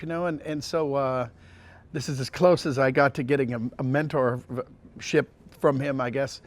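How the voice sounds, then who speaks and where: A male voice actor, appearing as an interview guest, tells casual anecdotes in a rambling way, restarting often and slipping into quick impressions. His pitch is medium and his tone stays steady.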